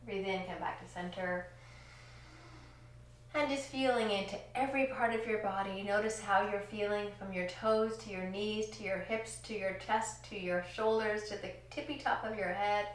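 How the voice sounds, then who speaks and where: Gentle woman guiding a kids yoga class. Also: medium pitch. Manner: gentle, encouraging, slow cues timed to breath. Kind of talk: guided kids yoga lesson. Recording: echoey room, distant from mic.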